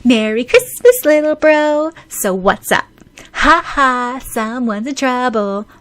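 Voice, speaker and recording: A woman playing a loud, teasing big sister. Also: medium pitch, lively intonation, normal speed, vocal fry. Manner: boisterous and teasing. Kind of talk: audiobook reading.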